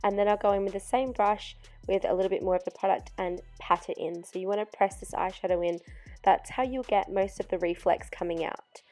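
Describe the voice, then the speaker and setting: A woman's voice: medium pitch, steady tone, fairly quick, a little mellow, soft background music. A young woman narrating a makeup tutorial voice-over step by step, chatty, while losing her voice. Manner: chatty, step-by-step explaining with fillers. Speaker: makeup artist.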